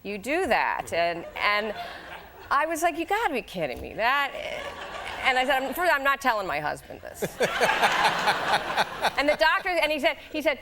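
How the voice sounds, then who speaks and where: A woman in her forties tells a story on a talk show stage, and her voice swoops up and down as she goes. She laughs often and jumps into high voices to quote people. Faint studio noise sits behind her. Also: big pitch swings, moderate pace, long pauses. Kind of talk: animated anecdote telling.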